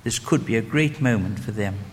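Man preaching in a reverberant hall. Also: lowish voice. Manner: gentle, slow and deliberate when leading prayers. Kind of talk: evangelistic sermon leading prayer.

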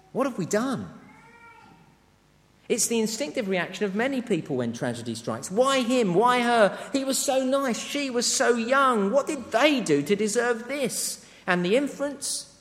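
A man with a high, light voice preaches a sermon in an earnest, measured way, leaning hard on short emphatic words. His voice rings out with a long reverb, as if filling a large church. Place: church to an international congregation.

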